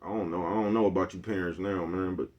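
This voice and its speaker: Deep-voiced man with a laid-back drawl. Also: fairly even intonation, fast talker, muffled recording. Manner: laid-back street slang, frequent asides to listeners. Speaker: vlogger. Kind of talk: casual monologue to viewers.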